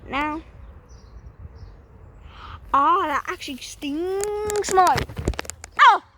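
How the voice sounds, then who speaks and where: A woman's voice: high-pitched, slow, rough recording. A woman playing a brash, bumbling Australian male nature explorer in a comic mock nature show, in an Australian accent, stumbling over words and calling everyone "mate". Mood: boastful. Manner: says "mate" constantly, stumbling restarts, boastful. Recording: loud background noise.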